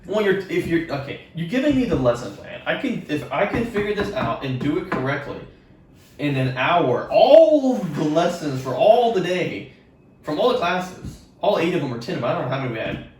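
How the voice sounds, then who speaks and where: Animated, profane young man, echoey room. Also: on the high side, normal speed, far from the mic, slight background noise. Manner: rambling, profane, animated retelling. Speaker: podcast co-host. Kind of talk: casual storytelling chat.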